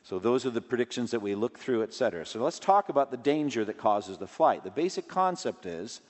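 A man preaching a sermon in an earnest way, his voice rising in pitch and force when he stresses a point. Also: very animated, fairly quick, in a large hall.

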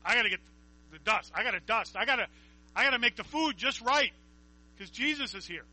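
A man's voice: very high voice, expressive, brisk, pushed and bright, heavily acted, rough recording. A man doing a flustered, frantic housewife. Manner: frantic, stammering repeats. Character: flustered woman hurrying through housework.

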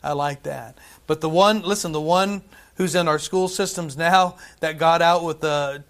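A man's voice: a little high, steady tone, measured pace. Conversational preacher man. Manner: conversational, frequent "right?" asides, swings between loud and hushed. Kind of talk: sermon.

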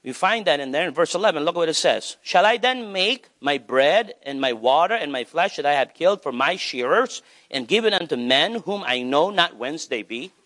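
A male pastor preaching with animated energy, his voice sitting a little high for a man. He swings up and down in pitch as he drives his points home, slowing down to stress key words. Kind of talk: sermon.

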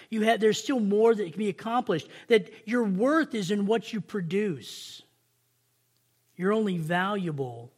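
A man giving an informal sermon to coworkers, talking conversationally, repeating phrases and checking in with a quick "right?". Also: sits high. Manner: conversational, repeats and restarts phrases, stretches key words slowly; addresses listeners directly with "right?".

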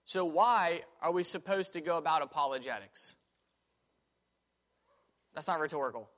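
A man's voice: on the high side, animated, moderate pace, fairly bright tone. A man teaching a church Sunday school class in a casual, conversational way, thinking aloud with fillers and restarts. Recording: reverberant room.

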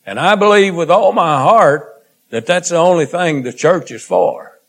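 A man preaching a sermon in a slow, earnest way, drawing out phrases and letting line endings trail off quietly. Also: a little high.

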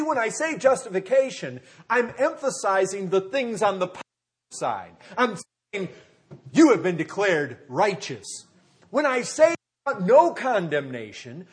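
Higher-voiced man preaching a conversational sermon. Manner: conversational preaching with rhetorical questions, addresses listeners as folks. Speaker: pastor.

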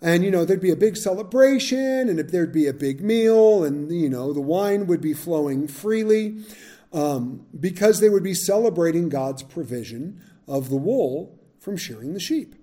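Wry, animated male Bible teacher. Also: on the high side, moderate pace. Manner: chatty, wry asides to the group. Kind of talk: scripture reading with casual commentary.

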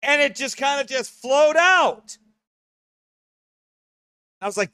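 A man's voice: extremely high pitch, lively intonation, slow, pushed and bright, no room sound, clean studio sound. A man preaching a sermon in a conversational, earnest way, often correcting himself.

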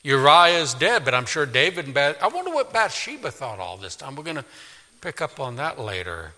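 A male pastor preaching a sermon in a church, emphatic, swinging from loud declaring to quiet pleading. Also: a little high, huge pitch swings, a little fast. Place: church sanctuary. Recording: long reverb of a large hall.

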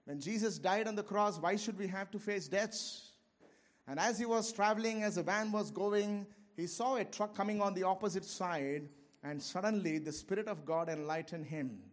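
A man preaching a sermon with passion, swinging between loud, fervent lines and quiet, low asides. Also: moderate pace. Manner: impassioned, swings between shouting and low asides, laughs often. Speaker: pastor.

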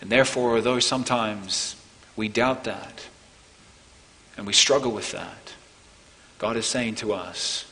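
A man preaching a sermon as pastor, earnest, building to emphatic peaks and then softening. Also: on the low side, takes it slowly, long pauses, in a large hall, rough recording. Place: church.

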